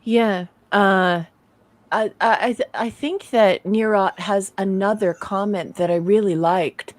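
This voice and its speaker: A woman's voice: mid-range voice, steady tone, measured pace. A woman co-hosting a casual live stream, mostly chiming in with short agreements and laughs. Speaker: co-host.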